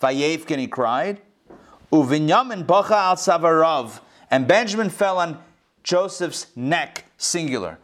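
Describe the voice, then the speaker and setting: A middle-aged man with a fairly high voice teaches a Torah class as a rabbi. He talks casually over a video call, cracking jokes and quizzing his listeners. The sound comes through a home computer microphone. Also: animated, measured pace, fairly bright tone. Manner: playful, jokey, asks the audience questions. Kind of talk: casual online class lecture. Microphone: computer mic on a video call.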